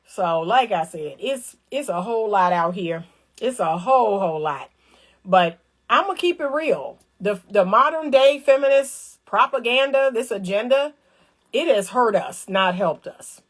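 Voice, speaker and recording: A woman giving casual, animated commentary on relationships. She talks straight to her viewers in colloquial speech, repeats phrases for emphasis and acts out little scenes. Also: mid-range voice, measured pace. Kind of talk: casual direct-to-camera commentary.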